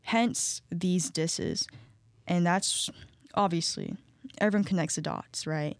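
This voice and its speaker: Lower-voiced young woman gossiping. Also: takes it slowly, dry recording. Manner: animated storytelling, quotes others, laughs often. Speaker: co-host. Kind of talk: casual gossip chat.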